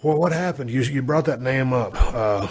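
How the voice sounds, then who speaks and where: A man's voice: mid-range voice, moderate pace. A man hosting a podcast interview in a casual, conversational way. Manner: drawling, conversational, uses y'all. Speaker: podcast host.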